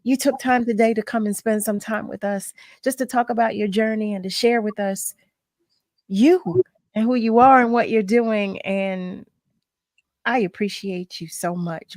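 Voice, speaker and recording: A woman's voice: medium pitch, steady tone, unhurried, a little mellow, dry recording. Effusive woman radio host, dry studio. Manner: effusive, laughs often, repeats thanks. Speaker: radio talk show host. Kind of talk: warm, emotional radio talk.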